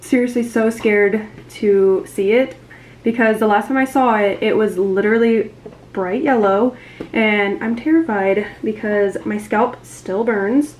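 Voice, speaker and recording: A woman's voice: mid-range voice, a little slow, darkish tone, slight background noise. A young woman in a casual vlog, talking in an anxious, rambling way with lots of fillers. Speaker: vlogger.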